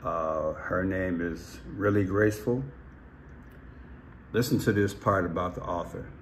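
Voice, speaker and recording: A man's voice: low voice, a little slow, a little hiss or hum. A man talking to his viewers in casual commentary, emphatic and repeating phrases. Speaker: vlogger.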